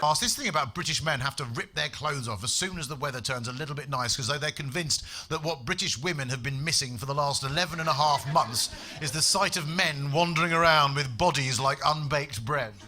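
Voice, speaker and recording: A man's voice: a little high, brisk, few pauses, bright, forceful tone. A man doing a stand-up comedy set on a club stage, telling stories in a wry, sardonic way with plenty of swearing.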